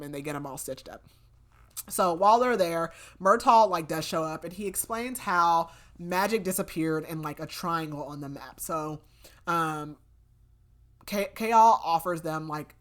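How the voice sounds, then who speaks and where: Chatty young woman recapping a book. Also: sits low. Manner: chatty, filler-heavy retelling with quoted lines. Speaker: podcast co-host. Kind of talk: casual book recap chat.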